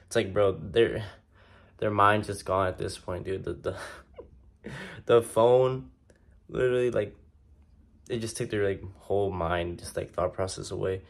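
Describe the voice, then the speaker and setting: A young man talks straight to his audience in a loose, slang-heavy rant. He sounds exasperated and swears freely. His voice sits a little low. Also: normal speed, gravelly, fairly bright tone. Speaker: vlogger. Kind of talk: casual rant to camera.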